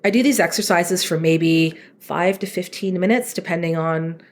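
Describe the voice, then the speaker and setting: A woman guest talking about dog training in casual chat, explaining patiently with animated asides and laughs. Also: fairly low pitch, moderate pace.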